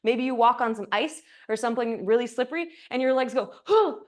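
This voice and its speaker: A woman's voice: fairly high pitch, fairly even intonation, fast talker. Playful woman leading a yoga class. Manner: playful, chatty, jokey asides. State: slightly out of breath. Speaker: yoga instructor. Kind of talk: guided yoga class cues. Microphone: clip-on mic, sometimes moved off.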